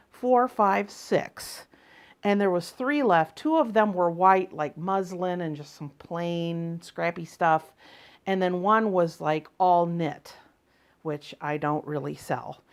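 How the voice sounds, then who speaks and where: Chatty woman showing off her finds. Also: medium pitch. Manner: chatty, exasperated retelling with quoted exchanges. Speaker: reseller vlogger. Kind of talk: casual haul vlog storytelling.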